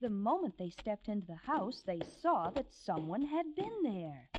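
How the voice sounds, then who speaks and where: A woman narrating a children's story with expressive, sing-song delivery, on an old record over orchestra music. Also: mid-range voice, a little slow, hardly any pauses. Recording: dull old vinyl record.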